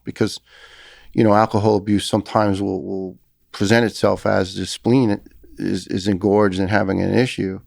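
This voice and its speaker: A man's voice: fairly low pitch, little pitch movement, moderate pace, gravelly, a little mellow, dry recording, studio quality. A middle-aged man with a New York accent, a former firefighter telling his story as a podcast guest, talking intensely and earnestly with frequent restarts. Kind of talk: conversational storytelling.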